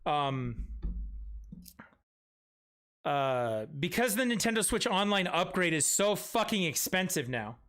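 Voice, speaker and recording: A man's voice: sits high, sing-song, slow pace, long pauses, fairly bright tone. A man hosting a live stream in casual chat, rambling with profane, self-mocking asides. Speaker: stream host.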